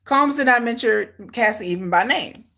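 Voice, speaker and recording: A woman's voice: fairly high pitch, lively intonation, moderate pace, gravelly, bright, forceful tone. A woman, hosting a casual commentary live stream, blunt and combative, cussing freely.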